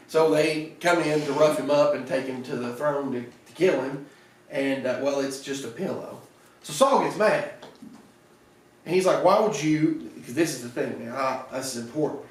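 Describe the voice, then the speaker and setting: A pastor with a Southern American accent preaching a conversational evening sermon, retelling scripture stories with little voices and many restarts. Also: male voice, mid-range voice, normal speed. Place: church sanctuary. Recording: echoey church from far off.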